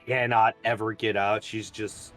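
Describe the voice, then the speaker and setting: A man's voice: on the low side, little pitch movement, unhurried, a bit bright, soft background music. A man guesting on a gaming podcast, giving blunt, opinionated takes. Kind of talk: casual gaming podcast chat.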